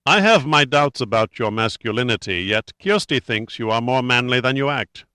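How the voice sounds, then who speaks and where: A man's voice: mid-range voice, expressive, moderate pace, pushed and bright, clean tone, no room sound. A man voicing a cold, contemptuous male villain who speaks with commanding scorn.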